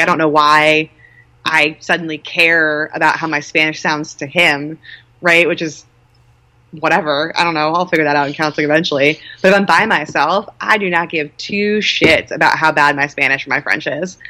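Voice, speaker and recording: Low-voiced woman chatting candidly. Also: bright, forceful tone. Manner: chatty, candid, self-deprecating. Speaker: guest, nonprofit co-founder. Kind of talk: casual conversational interview.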